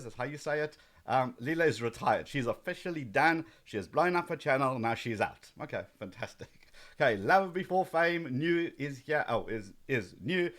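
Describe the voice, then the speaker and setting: A man hosts a casual live training stream with a slightly higher-pitched voice. He talks in a chatty, easygoing way, greets viewers one by one, and fills his pauses with ums. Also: a bit bright. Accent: South African.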